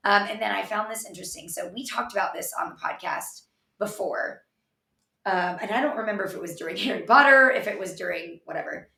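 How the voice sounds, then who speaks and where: A woman co-hosting a podcast tells rambling stories packed with fillers, her voice gravelly with fry. She sits back from the mic in an echoey room. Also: mid-range voice, a little fast, pushed and bright, far from the mic. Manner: rambling, filler-heavy storytelling. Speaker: podcast co-host. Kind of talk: casual chat.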